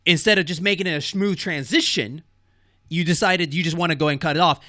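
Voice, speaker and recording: Bright-voiced man co-hosting a gaming podcast. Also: on the high side, a little fast, no echo, clean studio sound. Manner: loose and rambling, full of fillers and restarts. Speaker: podcast co-host. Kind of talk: casual gaming news chat.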